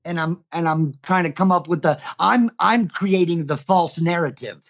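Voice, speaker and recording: A man who is a guest, telling his own story in casual conversation and growing loud as he acts out what happened. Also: fairly high pitch, normal speed, lo-fi sound. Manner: animated, gets loud when re-enacting events. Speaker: guest, father who counsels other fathers. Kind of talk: casual conversation, recounting events.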